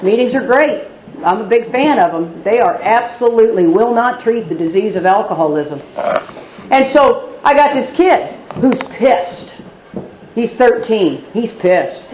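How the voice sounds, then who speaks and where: A woman's voice: fairly low pitch, slight background noise. A middle-aged woman from Texas giving a personal recovery talk, candid and wry, poking fun at herself as she tells her story. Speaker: recovery meeting speaker. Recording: roomy, dull live recording.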